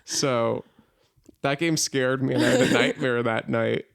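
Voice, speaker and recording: Guy hosting a chill podcast, rambly and animated, says like a lot, average pitch. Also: a little slow, gravelly, clear, resonant tone. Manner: animated storyteller, lots of filler "like". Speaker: podcast host. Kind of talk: casual podcast chat.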